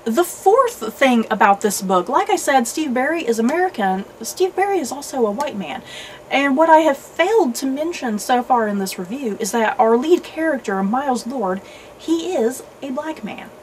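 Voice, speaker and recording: A woman's voice: high voice, animated, normal speed, a little hiss or hum, low-quality recording. A woman hosting a casual book review, talking in a chatty, hedging way with lots of "you know"s and restarts. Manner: thoughtful, hedging.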